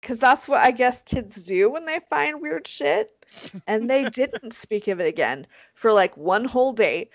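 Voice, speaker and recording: A woman co-hosting a casual chat, telling a story in an animated, profane, self-mocking way. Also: on the high side, a little slow, gravelly, dry recording, rough recording. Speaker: podcast co-host.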